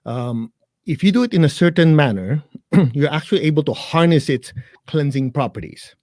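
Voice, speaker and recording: A man's voice: fairly high pitch, animated, normal speed, a little mellow, no room sound, clean studio sound. Blunt, joking male meditation teacher. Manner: blunt, joking, talks straight to listeners. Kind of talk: guided meditation instruction in a live interview.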